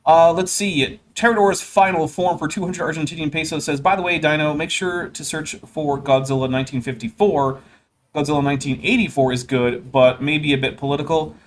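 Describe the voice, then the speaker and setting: Upbeat higher-voiced man hosting a stream. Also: fairly quick, slight background noise. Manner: animated, enthusiastic rambling. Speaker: livestream host. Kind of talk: casual chat.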